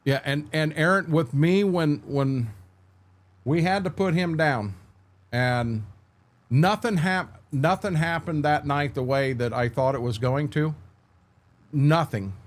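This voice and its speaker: A middle-aged man with a somewhat high voice talks slowly on his home livestream. Casual and candid, he rambles through stories, keeps restarting, and answers chat messages by name.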